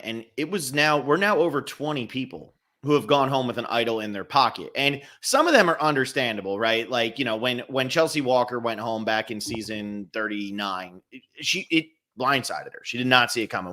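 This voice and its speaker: A man's voice: mid-range voice, lively intonation, fairly quick, few pauses, sharp tone. A man hosting a podcast, conversational and explaining at length. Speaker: podcast host. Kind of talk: casual podcast chat.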